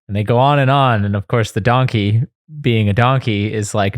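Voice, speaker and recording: A man co-hosting a podcast, telling an old fable in an animated storytelling way. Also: lowish voice, normal speed, few pauses, no room sound, studio quality. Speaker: podcast co-host. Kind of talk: casual chat, telling a fable.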